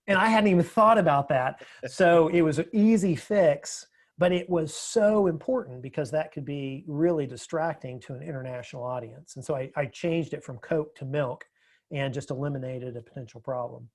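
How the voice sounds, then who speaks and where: Reflective man talking as a podcast guest. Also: fairly high pitch. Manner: reflective, measured, with frequent restarts. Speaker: podcast guest, public speaker. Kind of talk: casual interview conversation.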